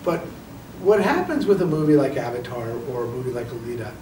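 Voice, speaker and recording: A man, a film producer, answering interview questions in a measured way with stuttered restarts. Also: mid-range voice, sing-song. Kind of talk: press junket interview. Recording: roomy, distant, noisy.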